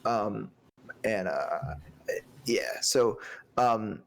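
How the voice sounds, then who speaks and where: A man's voice: fairly low pitch, expressive, extremely slow, gravelly. A man co-hosting a casual film review podcast, talking loosely, swearing freely and slipping into mock accents. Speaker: podcast co-host.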